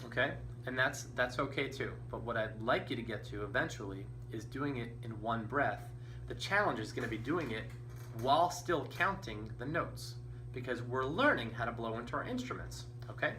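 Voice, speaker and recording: A man's voice: medium pitch, animated, moderate pace, pushed and bright. A man teaching a beginner band lesson, patient and encouraging, counting beats aloud. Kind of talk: instrumental lesson. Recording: distant mic with faint noise.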